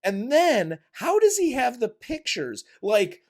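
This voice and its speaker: A man co-hosting a movie review show in casual chat, animated and profane, acting out scenes from the film. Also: very high voice, slow. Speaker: movie review podcast co-host.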